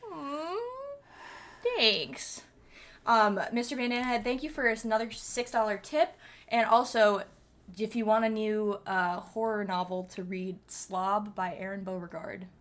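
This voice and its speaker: A woman's voice: mid-range voice, fairly even intonation, unhurried. A young woman livestreaming, chatting casually and thanking viewers as she reads the chat.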